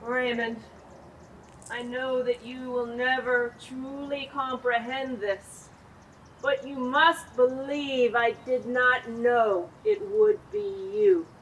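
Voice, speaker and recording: An actress in a stage play playing a cold, scheming, power-hungry mother who speaks in a slow, commanding, controlled way. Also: sits high, fairly bright tone, muffled recording, slight background noise. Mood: bitter, menacing. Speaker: stage actor.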